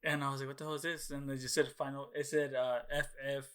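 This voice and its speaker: A man's voice: medium pitch, flat delivery, fast, fairly bright tone, smooth. A young man co-hosting a casual podcast, telling a long rambling story full of fillers and swearing and acting out his own past reactions. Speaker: podcast co-host. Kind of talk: casual chat.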